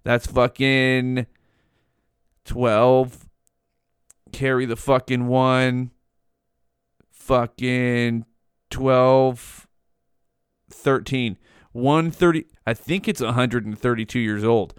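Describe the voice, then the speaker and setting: Young man, podcast host, rambling and profane, smooth voice, dry close sound. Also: medium pitch, steady tone, drawn-out words, pauses often, no room sound. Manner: profane, rambling, says "dude" constantly. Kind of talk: casual monologue.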